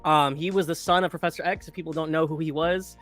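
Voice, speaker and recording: Bright-voiced chatty man. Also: fairly high pitch, steady tone, quick pace, soft background music. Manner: chatty, stammering restarts, wry. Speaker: podcast host. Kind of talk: casual chat.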